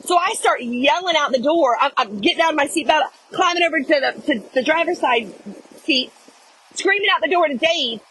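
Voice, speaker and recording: A middle-aged woman tells her viewers a story in a casual, animated chat. Her voice sits high, and she keeps saying "y'all". A faint background hum runs under her voice. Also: moderate pace, poor audio. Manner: animated, addresses viewers as "y'all", acts out shouting. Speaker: vlogger telling a story.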